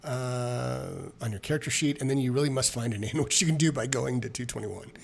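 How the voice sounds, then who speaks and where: A man's voice: mid-range voice, a little fast, vocal fry. A man reading a solo tabletop adventure aloud, with chatty, self-mocking asides between passages. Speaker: solo tabletop game player and narrator.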